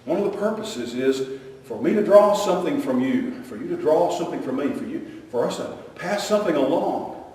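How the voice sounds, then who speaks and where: A man with a fairly high voice preaches a folksy, rambling sermon, circling back over his own phrases and chuckling often. He sounds far from the microphone, and his voice rings through a big echoing church hall with a long reverb tail. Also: expressive, moderate pace, a little mellow. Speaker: pastor. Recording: echoey hall, mic far off.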